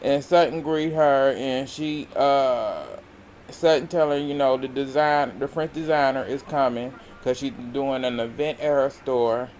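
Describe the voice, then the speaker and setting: A man's voice: mid-range voice, unhurried, a little hiss or hum. A man casually recapping a reality TV episode, retelling the scenes with lots of laughter and acting out what the cast said. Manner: animated retelling, voicing the cast's lines, laughing often.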